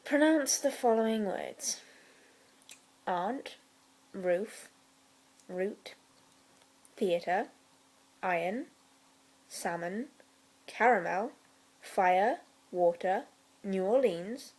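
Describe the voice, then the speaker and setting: A young woman from South Wales with a Welsh accent, chatting casually through a question list with deadpan, dry humour and quiet whispered asides. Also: medium pitch, very slow, long pauses, low-quality recording. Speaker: vlogger. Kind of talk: casual chat.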